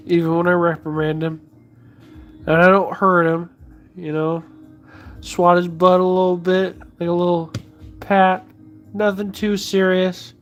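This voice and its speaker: A vlogger chatting casually while sculpting, rambling and joking with lots of fillers. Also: mid-range voice. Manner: rambling and jokey, many fillers.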